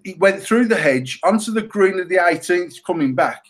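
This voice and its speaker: Middle-aged British bloke, podcast co-host, slightly high voice, sweary and animated storyteller. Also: male voice, brisk, hardly any pauses. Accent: British English. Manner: heavy swearing, animated and self-mocking. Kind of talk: casual storytelling chat.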